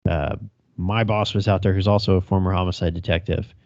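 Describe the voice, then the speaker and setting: A man's voice: low-pitched, steady tone, a little fast, darkish tone, no echo. A young male police officer telling a chase story on a casual podcast, laughing, swearing and acting out radio calls. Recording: dry, dull lo-fi sound.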